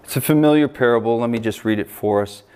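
A man's voice: mid-range voice, fast, dark tone, clear, resonant tone. An American man preaching a sermon as pastor, reading scripture and adding emphatic asides.

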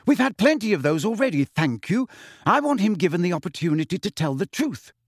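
A man voicing a clever, bossy teenage schoolgirl who speaks crisply and scathingly. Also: high-pitched, very animated, a little fast, no echo, studio quality, voice pushed up, exaggerated voice. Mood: angry.

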